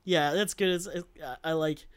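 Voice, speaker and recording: An Australian-accented woman co-hosts a comedy podcast, chatting casually and sounding exasperated and incredulous, with halting restarts. Her voice is low-pitched and her tone is clean.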